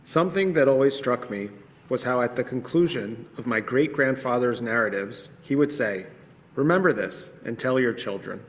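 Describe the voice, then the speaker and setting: A man's voice: mid-range voice, normal speed. A young man reading a personal remembrance at a ceremony, earnest and reflective. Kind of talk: personal testimony read aloud. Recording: reverberant hall.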